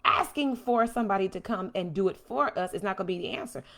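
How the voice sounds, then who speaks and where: A woman hosts a livestream from home, speaking passionately and with animation as she reads and responds to viewer comments. Her voice is medium-pitched with vocal fry, and she talks quickly.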